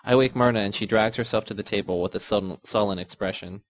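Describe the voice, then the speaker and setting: Low-voiced man narrating a novel. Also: quick pace, rough recording. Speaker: audiobook reader. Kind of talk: first-person audiobook narration.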